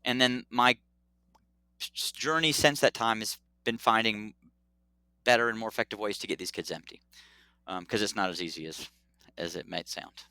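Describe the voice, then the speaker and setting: A middle-aged man, a doctor, telling a story in a casual interview, animated and acting out dialogue. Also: on the low side, normal speed, pauses often, clear, resonant tone, no echo. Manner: animated, acts out dialogue, laughs often. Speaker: pediatric urologist guest.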